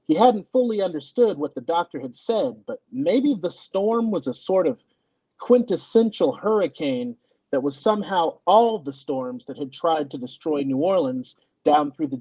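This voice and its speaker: A man reading his ghost story aloud to an audience, in an expressive, lively way. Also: on the high side, breathy edge, no room sound, highs cut off.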